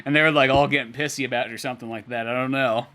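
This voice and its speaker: A young adult podcast co-host chats loosely, full of fillers and swearing, and acts out quotes from a comic. His mid-range voice is steady but pushed and bright, and he talks at a racing pace.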